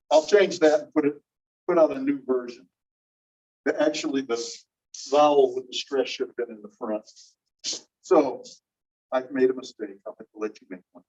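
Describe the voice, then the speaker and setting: A man teaching a linguistics class, explaining slowly and repeating key phrases while checking that students follow. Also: medium pitch, darkish tone, husky. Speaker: linguistics instructor. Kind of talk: classroom lecture. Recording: muffled distant classroom recording.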